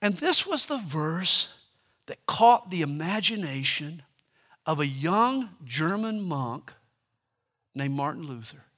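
Bright, high-pitched male preacher. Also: sing-song, slow, slightly rough. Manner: emphatic, repeats scripture with rising force. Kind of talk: sermon.

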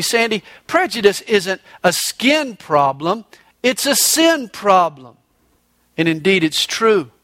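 A man's voice: very high voice, sharp tone, dry recording. A man preaching a sermon as pastor, emphatic, telling stories and quoting scripture. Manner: emphatic preacher telling a joke with quoted voices.

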